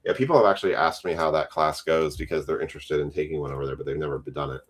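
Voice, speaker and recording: A man's voice: extremely low pitch, rapid-fire. A man hosting a live card break stream, chatting casually and teasing his co-host while rattling off lists of player names.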